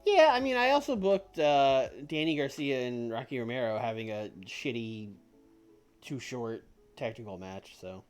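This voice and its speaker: A man's voice: mid-range voice, animated, moderate pace, clear, resonant tone. A man chatting casually while playing a wrestling sim game with a friend, dry and teasing, breaking into laughter. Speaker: co-host of a game stream. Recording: faint music behind.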